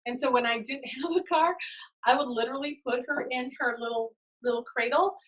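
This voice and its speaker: A middle-aged woman with a fairly high voice tells stories in a casual podcast chat, laughing often and acting out what people said. She sounds a little distant from the mic. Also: a little fast. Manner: animated, laughs often, acts out quotes. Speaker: podcast host.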